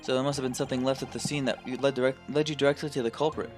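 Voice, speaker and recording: A hesitant, earnest young defense lawyer who sounds unsure of himself, read by a man close to his own voice. His pitch sits in a middling range, and light game music runs underneath. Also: fairly even intonation, very fast, natural voice. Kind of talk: voicing game dialogue.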